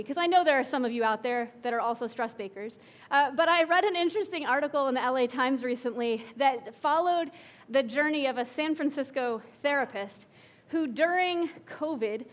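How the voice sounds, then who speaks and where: Woman preacher, conversational sermon delivery, high-pitched, engages the congregation with questions. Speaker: pastor.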